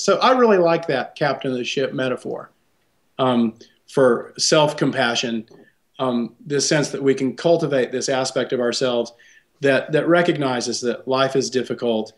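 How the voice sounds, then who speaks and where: A man's voice: medium pitch, moderate pace. A man, a psychologist guest, explaining ideas thoughtfully in an interview and often checking in with a tag question.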